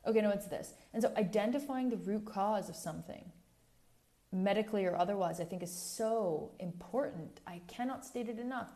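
A woman's voice: mid-range voice, moderate pace, mellow. A woman hosting a podcast, talking in a candid, rambling way with frequent self-corrections and asides, a little preachy. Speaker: podcast host. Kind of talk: casual podcast monologue.

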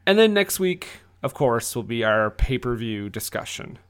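A man's voice: medium pitch, big pitch swings, normal speed, a bit bright, clear, resonant tone. Jokey podcast host in his thirties. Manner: jokey, laughs easily. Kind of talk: casual podcast chat.

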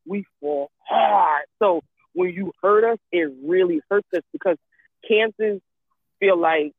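A woman's voice: mid-range voice, a little slow, slightly rough, no echo. A woman in casual chat who talks emphatically, repeats herself, and swears freely. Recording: tinny phone-like line.

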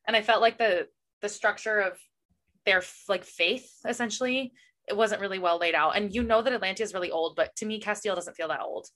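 Bright-voiced chatty young woman. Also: mid-range voice, a little fast. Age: young adult. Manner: chatty, retells plot with many "like"s and "you know"s. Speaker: podcast co-host. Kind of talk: casual book chat.

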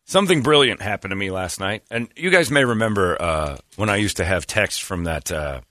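Lively low-voiced male talk host. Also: fairly quick, no room sound, studio quality. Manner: animated, self-amused storyteller who slips into quoted voices. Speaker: radio show host. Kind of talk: casual storytelling chat.

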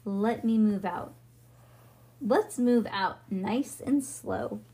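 A woman voicing a young girl who puts on a slow cowboy drawl in a storybook reading. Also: medium pitch, mellow.

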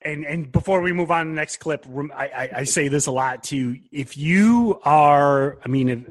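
A man's voice: fairly high pitch, moderate pace, no room sound. A man hosting a podcast, giving emphatic trading advice in casual chat. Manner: emphatic, advising. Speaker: podcast host, trading mentor.

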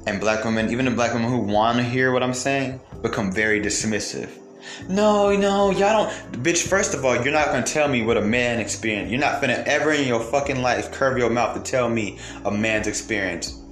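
A man's voice: medium pitch, brisk, few pauses, a bit bright. Heated man ranting in a roomy space. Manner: heated, profane, full of rhetorical questions. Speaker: commentator. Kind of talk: ranting monologue to viewers. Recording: roomy echo, faint music behind.

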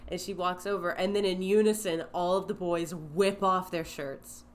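Low-voiced woman chatting casually. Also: fairly even intonation, normal speed. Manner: chatty, lots of filler "like". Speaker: podcast co-host. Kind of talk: casual chat recapping a TV episode.

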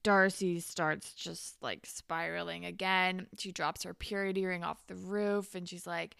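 Brief: young woman podcast co-host, bright and smooth but gravelly, dry close sound, chatty recap with mini voices. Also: on the low side, fairly even intonation, no room sound. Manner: retells scenes with quick quoted voices, lots of "like". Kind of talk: casual recap chat.

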